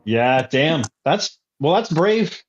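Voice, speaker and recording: A man's voice: a little high, big pitch swings, slow pace, noisy background. A man in a casual chat, ranting hotly and swearing freely. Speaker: guest. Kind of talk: casual conversation. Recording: dull lo-fi sound.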